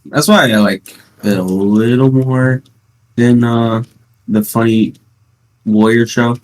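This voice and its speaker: A teenage podcast host at home, chatting casually and rambling through stories with playful sarcasm. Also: male voice, medium pitch, steady tone, takes it slowly. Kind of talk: casual chat.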